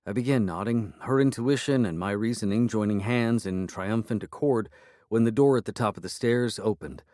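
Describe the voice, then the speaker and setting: A man narrating a first-person audiobook in a measured storytelling manner. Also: fairly low pitch, warm tone, no room sound, studio quality.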